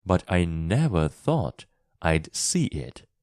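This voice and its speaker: A man voicing a kind, cheerful country boy in a storybook reading, speaking gently and steadily. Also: sits low, very animated, slow, dry recording, clean studio sound, full character voice. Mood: gentle. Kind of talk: storybook reading for English learners.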